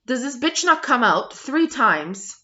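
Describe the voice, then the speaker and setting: A woman's voice: high-pitched, very animated, takes it slowly, sharp tone. Profane, blunt woman ranting. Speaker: vlogger. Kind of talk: angry review rant to camera. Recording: dull lo-fi sound.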